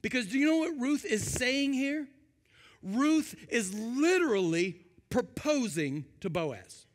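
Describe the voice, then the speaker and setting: A male preacher with a high voice delivers a lively sermon, acting out voices to get laughs. His voice rings through a large hall with a long reverb tail. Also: slow pace. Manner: animated, acts out voices for humor. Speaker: pastor.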